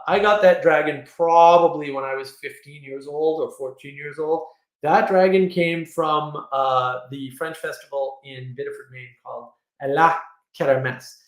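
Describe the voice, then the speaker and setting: A man hosting a casual livestream, talking in an opinionated, rambling way with quick asides. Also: on the high side, a bit bright. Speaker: livestream host. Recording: roomy echo.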